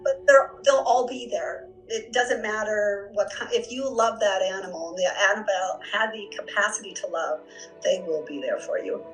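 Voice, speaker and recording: A woman, a psychic medium guest on a podcast, telling emotional stories in an earnest, halting way with repeats and fillers. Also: medium pitch, reverberant, faint music behind. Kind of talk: emotional storytelling in conversation.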